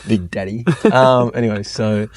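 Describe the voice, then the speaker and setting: With a crowd audible behind him, this young male guest speaks slowly in a fairly low voice. He's in casual conversation, rambling through a long personal story full of fillers and "like," recounting it in an animated way.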